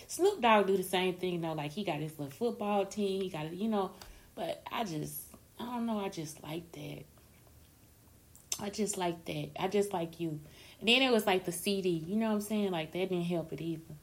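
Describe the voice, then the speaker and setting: A woman's voice: lowish voice, moderate pace, vocal fry. A woman talking in a rambling, slangy casual monologue, often breaking into laughter and tears.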